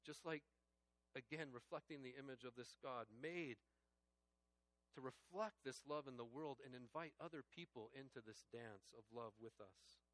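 A male pastor preaching a sermon, earnest and personal, moving between hushed reflective passages and raised, emphatic preaching. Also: mid-range voice, normal speed, no room sound. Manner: earnest and personal, addressing listeners as friends.

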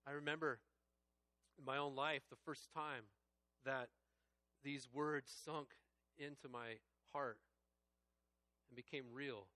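A male pastor preaching a sermon, earnest and personal, moving between hushed reflective passages and raised, emphatic preaching. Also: medium pitch, steady tone, slow pace, long pauses, no room sound. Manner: earnest and personal, addressing listeners as friends.

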